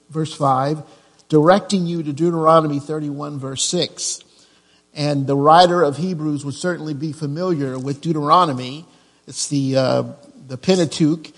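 Man preaching in a reverberant church. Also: fairly high pitch. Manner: repeats key phrases, slow deliberate emphasis. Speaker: pastor. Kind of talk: sermon.

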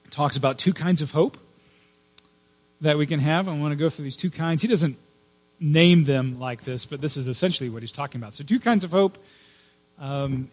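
A man preaching a sermon in an earnest, emphatic way, dropping to a hush at times. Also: fairly high pitch. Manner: earnest, emphatic with hushed pauses. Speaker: pastor.

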